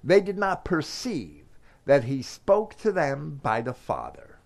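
Animated male Bible teacher. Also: a little high, vocal fry. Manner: measured, reads scripture aloud with emphasis. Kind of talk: scripture commentary reading.

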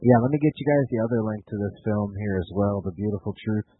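A man calling in to a casual chat show, telling things in a laid-back, drawn-out way. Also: fairly low pitch, breathy edge, no echo. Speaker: caller. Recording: tinny phone-line audio.

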